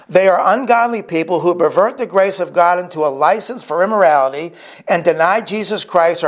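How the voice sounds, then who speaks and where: A man preaching a sermon as pastor, telling stories earnestly with frequent restarts. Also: a little high. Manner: earnest storytelling with repeated restarts.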